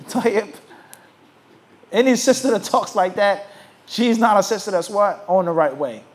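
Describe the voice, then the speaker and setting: A man's voice: high-pitched, a little slow. A man teaching a religious lecture, often asking his students to finish his sentences and mocking opposing views. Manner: animated, mocks opposing views in put-on voices. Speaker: Islamic teacher. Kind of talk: lecture to a class.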